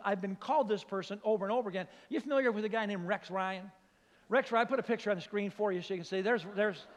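An older man preaching in a church, telling a comic story with lively acted-out voices. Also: sits high. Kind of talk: storytelling sermon. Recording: long hall reverb.

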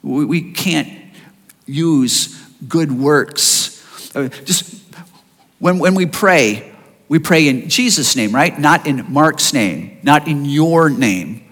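A man preaching a sermon in an expressive way, asking his listeners rhetorical questions. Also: a little high, slow pace, in a large hall. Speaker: pastor.

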